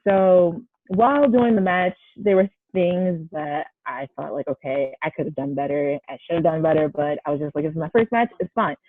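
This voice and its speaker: Woman, young adult, wrestler guest, animated storyteller, dry sound, tinny line. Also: sits low, normal speed, few pauses, dry recording. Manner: animated, acts out quoted dialogue. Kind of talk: casual interview storytelling.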